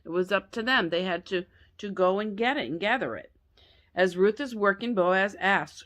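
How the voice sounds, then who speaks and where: A woman retells a Bible story for her listeners in an easygoing, unhurried way. She corrects herself and drops in chatty asides, and her voice sits at an ordinary middle pitch. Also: expressive, a bit bright.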